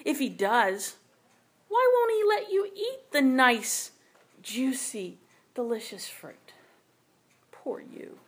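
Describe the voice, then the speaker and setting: A sly male serpent, put on by a woman, coaxes in a breathy, wheedling whisper that rises high above her usual voice. It is a whispered role-play for a storybook reading, kept soft and hushed. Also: sing-song, slow, pauses often, a little hiss or hum, heavily acted. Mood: coaxing.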